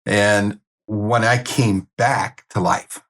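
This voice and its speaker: A man's voice: on the low side, steady tone, very slow, a bit bright. A man speaking as an interview guest, telling a personal story in a blunt, plainspoken and openly emotional way. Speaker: guest sharing a near-death experience.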